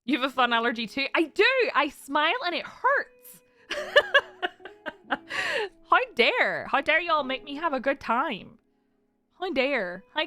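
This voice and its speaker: A woman streamer chatting casually on a live stream, giggling often and now and then cooing softly to her pets. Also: high-pitched. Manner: giggly, animated, laughs often; coos in a soft baby voice to her pets.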